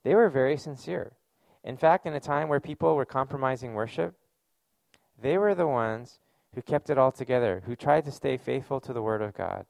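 Man preaching with a gravelly edge. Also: medium pitch, normal speed, darkish tone, dry recording. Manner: conversational, earnest preaching with casual fillers. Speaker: pastor. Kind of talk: sermon.

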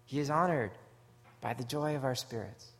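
A man from Canada preaching a sermon, earnest and story-driven, swinging from hushed, low moments to loud, emphatic ones. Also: normal speed. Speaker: pastor.

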